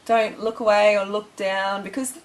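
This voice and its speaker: A woman's voice: mid-range voice, little pitch movement, moderate pace, poor audio. A young woman giving blunt, bossy, tough-love advice in a motivational vlog.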